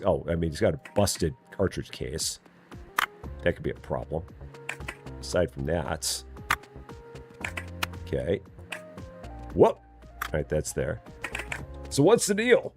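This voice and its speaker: Male streamer, low voice with lively swings, casual chatty commentary, faint music behind. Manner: chatty, mutters quietly to himself while working. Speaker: game streamer. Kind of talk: casual live gameplay commentary.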